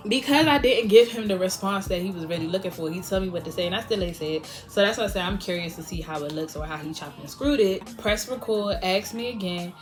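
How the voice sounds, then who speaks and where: Young woman vlogger doing a storytime, laughs a lot, acts out the quotes, soft music under it. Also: on the low side. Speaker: beauty vlogger. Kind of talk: storytime vlog.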